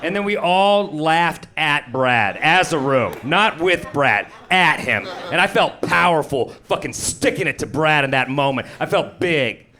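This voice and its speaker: A man's voice: on the high side, lively intonation, unhurried, hardly any pauses, a crowd in the background. A middle-aged man doing a stand-up comedy set, telling a story in a sardonic way and acting out the quotes, on a handheld mic in a comedy venue. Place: comedy venue with live audience. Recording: live audience laughter behind.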